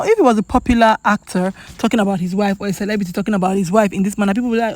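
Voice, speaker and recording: A Nigerian woman talks straight to camera in a chatty gossip vlog, leaning on her points and saying them twice over. Her voice sits at a middling pitch and sounds close and dry, with no room around it. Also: racing, hardly any pauses, darkish tone, no echo. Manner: chatty, emphatic, repeats for effect. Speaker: celebrity gossip vlogger. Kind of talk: casual commentary to camera.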